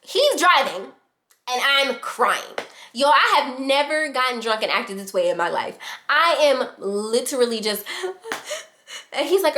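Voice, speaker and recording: A young woman vlogger telling a dramatic personal story in a casual, animated way, acting out what people said. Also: a little high, moderate pace. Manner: animated, dramatic reenactments of quotes. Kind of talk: storytime vlog.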